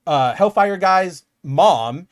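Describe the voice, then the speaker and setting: A young man chats casually about comics as a podcast co-host. His voice sits a little high, and he jumps into animated impressions of the lines he quotes. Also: slow. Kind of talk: casual comic book chat.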